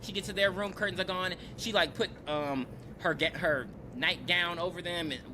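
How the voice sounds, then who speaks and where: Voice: mid-range voice, normal speed, background noise. A podcast co-host casually recapping a film, acting out the characters' lines and swearing freely. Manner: animated, acts out characters' lines; swears freely, calls listeners baby. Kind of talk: casual movie recap chat.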